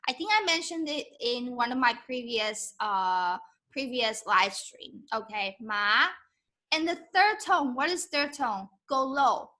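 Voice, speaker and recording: Female Mandarin teacher, high voice, unhurried pace, encouraging. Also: lively intonation, pushed and bright. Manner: mixes English and Mandarin, demonstrates tones by drawing out syllables; encouraging, asks "okay?" often. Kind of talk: live-stream language lesson.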